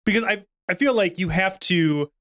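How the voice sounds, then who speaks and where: A man's voice: high-pitched, moderate pace, fairly bright tone, no room sound, clean studio sound. A man in his thirties co-hosting a podcast, chatting in a rambling, self-deprecating way with casual swearing. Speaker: podcast co-host. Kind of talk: casual chat.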